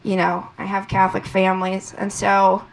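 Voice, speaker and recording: A woman in her thirties performing a brash stand-up comedy set on a club stage, swinging up into loud shouts. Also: mid-range voice, completely flat delivery, normal speed, gravelly. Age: 30s. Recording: noisy live club recording. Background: crowd laughter and room noise.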